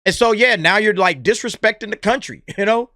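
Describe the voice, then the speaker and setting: A man's voice: sits high, fairly quick, pushed and bright, dry recording, clean studio sound. A man ranting in an opinion commentary vlog, blunt, exasperated and sarcastic, with plenty of slang. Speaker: movie commentary vlogger.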